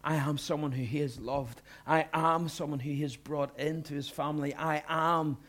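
A middle-aged male pastor giving a sermon, earnest, dropping to hushed lines and rising to loud emphatic bursts. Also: a little high, steady tone, moderate pace.

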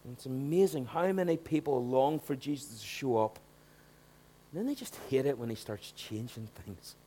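A man preaching a sermon, swinging between hushed asides and loud, emphatic points. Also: medium pitch, lively intonation, normal speed, a little hiss or hum.

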